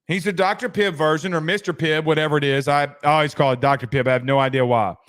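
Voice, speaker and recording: A man's voice: a little high, fairly even intonation, fast, fairly bright tone. A man hosting a casual sports commentary show, rambling and joking. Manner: rambling, joking, trails off into asides.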